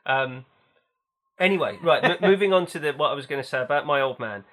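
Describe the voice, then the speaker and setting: A man's voice: a little high, lively intonation, brisk, fairly bright tone. A man co-hosting a casual film chat, telling stories in a chatty, wry way with the odd swear word. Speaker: podcast co-host.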